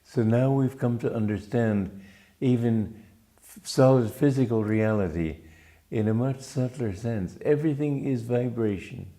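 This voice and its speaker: A man from Romania, a spiritual teacher giving a gentle, unhurried reflective talk with small restarts. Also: mid-range voice.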